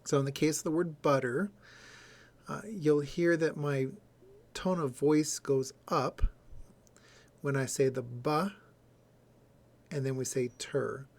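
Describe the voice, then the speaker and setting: A man's voice: fairly high pitch, fairly even intonation, a little slow, pauses often, a little mellow. A man giving a recorded lecture, explaining step by step and sounding out example words.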